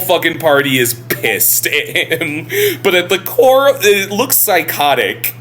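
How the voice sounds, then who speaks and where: Male podcast co-host, casual and animated, swears freely, voice swings widely; faint background hum. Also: a little high, slow pace, few pauses.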